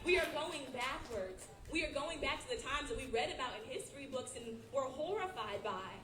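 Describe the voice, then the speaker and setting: A woman's voice: sits high, lively intonation, moderate pace, fairly bright tone, soft background music. A young woman in her twenties, a student leader, giving an emotional, earnest personal speech at an outdoor rally. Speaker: student body president. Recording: echoey outdoor sound with background noise.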